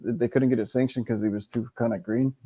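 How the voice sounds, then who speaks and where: A man's voice: medium pitch, fairly even intonation, fairly quick, mellow, no echo. A man in casual boxing chat, laid-back and hesitant, often restarting his sentences.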